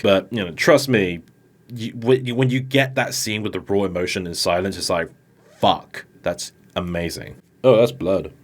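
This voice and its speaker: Animated man doing sweary comedic commentary. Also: on the low side. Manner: animated, swearing, mocking, acts out quoted lines. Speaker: YouTube commentator.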